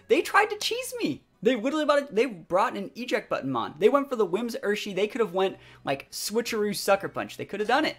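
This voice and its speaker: A young man chatting excitedly as he commentates his own competitive game match, full of fillers. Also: on the high side. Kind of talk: live gameplay commentary. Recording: faint background music.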